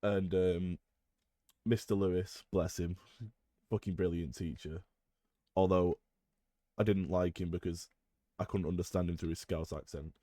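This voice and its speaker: A young man co-hosting a podcast, telling school stories in an animated way with bursts of loud laughter. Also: low voice, unhurried, pauses often, no echo, clean studio sound. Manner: animated storyteller, loud when acting out a shouting teacher, laughs through lines. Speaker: podcast co-host. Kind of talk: casual storytelling.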